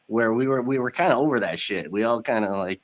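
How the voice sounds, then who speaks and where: A man's voice: medium pitch, fast. A man in his thirties from Canada, stuffed up with a cold, chatting bluntly on a livestream with lots of swearing. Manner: blunt, swearing, laughs often. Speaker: stream guest. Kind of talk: casual chat.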